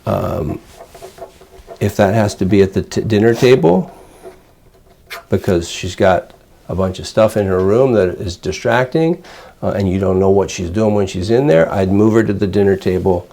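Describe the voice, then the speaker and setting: Older guy psychiatrist coaching a parent, gravelly mellow voice, calm plain talk. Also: low-pitched, normal speed, a little hiss or hum. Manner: calm, explanatory, plain-spoken. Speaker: child psychiatrist giving parent training. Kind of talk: conversational teaching with role-play examples.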